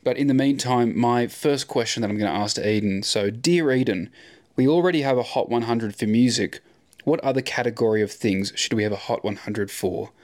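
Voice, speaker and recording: A man's voice: mid-range voice, brisk, a little mellow. A young Australian man hosting a casual podcast, rambling and sarcastic, swearing freely. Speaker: podcast co-host.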